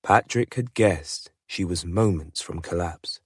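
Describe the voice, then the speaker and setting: A man narrating an audiobook in an unhurried, steady storytelling voice. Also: low voice, slightly rough, no echo, studio quality. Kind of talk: scripted narration.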